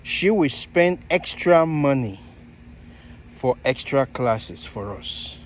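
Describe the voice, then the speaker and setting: A man from Nigeria with a Nigerian accent, hosting a casual garden vlog in an unhurried, halting way. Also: mid-range voice, animated, low-quality recording. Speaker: fig grower and channel host.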